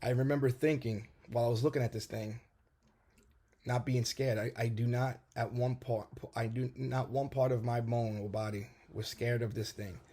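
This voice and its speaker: A man casually telling a personal testimony to camera, animated and full of restarts and fillers. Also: mid-range voice. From New York, USA.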